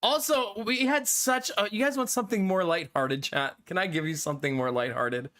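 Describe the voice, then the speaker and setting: A man's voice: high-pitched, moderate pace, sharp tone. A man in his thirties, a live streamer chatting casually and jokingly with his viewers, often breaking into giggles. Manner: giggly, joking, talks to chat.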